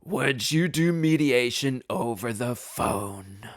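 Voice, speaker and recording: A man's voice: mid-range voice, lively intonation, slow, no echo, studio quality. A man voicing a stern, humorless old male judge who speaks curtly and impatiently. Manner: curt, impatient.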